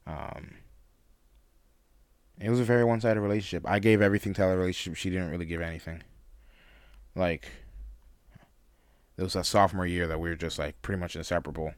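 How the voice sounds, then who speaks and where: A young man casually telling a personal story to the camera, candid, with frequent laughs and halting restarts. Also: low voice, fairly even intonation, smooth, no room sound, studio quality.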